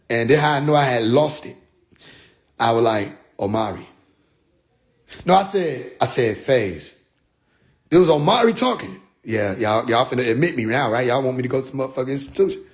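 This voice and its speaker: A man telling a profane story on a phone live stream, swinging between loud excitement and low hushed tones. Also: fairly quick. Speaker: livestreamer.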